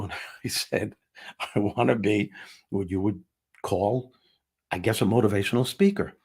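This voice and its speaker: A man with a husky, somewhat breathy voice tells a story in conversation. He acts out every exchange, dropping his voice low for the quiet moments and lifting it for the excited ones. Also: moderate pace. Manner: acts out dialogue, shifting voice for each person. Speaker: guest, comedian and speaker.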